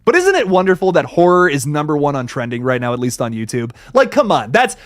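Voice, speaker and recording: A young man hosting a casual livestream, reading viewer comments aloud and reacting in an animated way, with frequent swearing and self-corrections. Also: a little high, fast, dry recording. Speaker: livestream host.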